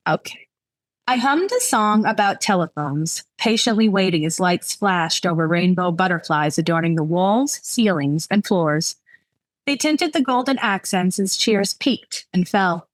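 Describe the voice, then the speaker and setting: A woman author with a fairly low voice, chatting candidly and reading from her own novel. She is self-deprecating and laughs easily, and the sound is dry and close with no room echo. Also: expressive, a little slow. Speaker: romance author.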